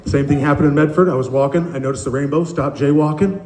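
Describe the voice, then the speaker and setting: A man doing a stand-up comedy set on a club stage, telling animated stories with acted-out quotes, audience laughter behind him. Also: fairly high pitch, fast, echoey room, a little hiss or hum.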